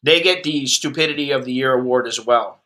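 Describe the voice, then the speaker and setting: A man's voice: mid-range voice, a little fast, pushed and bright. An American man hosting a livestream, ranting about the news in a blunt, sarcastic, heavily profane way. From United States. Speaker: expat livestream host. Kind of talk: ranting commentary.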